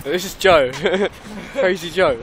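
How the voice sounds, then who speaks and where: A man's voice: high voice, slow pace. A teenage young man, filming with a handheld camera and narrating in a casual, giggly way. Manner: giggly, laughing often. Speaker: person filming. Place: outdoors on a city street at night. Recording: noisy street recording with traffic. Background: traffic.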